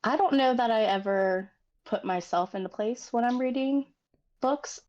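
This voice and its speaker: A woman's voice: fairly high pitch, normal speed, a little mellow, dull audio. A woman with an Ohio accent speaking hesitantly in a casual group chat. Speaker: participant.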